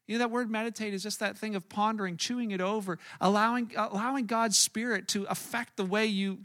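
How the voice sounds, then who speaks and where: A man's voice: high voice, fairly even intonation, brisk, a bit bright. A male pastor giving a conversational sermon, earnest and casual, often restarting and adding asides.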